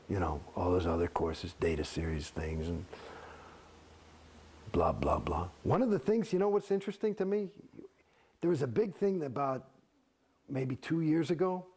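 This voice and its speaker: A middle-aged man, an actor, telling his own story in an interview, profane and animated, acting out the exchanges he describes. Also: lowish voice, normal speed, pauses often, a little hiss or hum. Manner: profane, animated, gets heated and acts out quoted exchanges.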